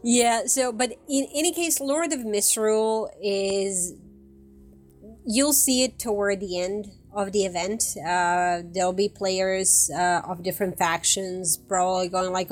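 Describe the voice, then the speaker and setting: A woman hosts a relaxed podcast chat at an unhurried pace, laughing often as she talks. Her pitch sits in an ordinary middle range. Soft music plays faintly behind her. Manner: chatty, laughs often between points. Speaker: podcast host.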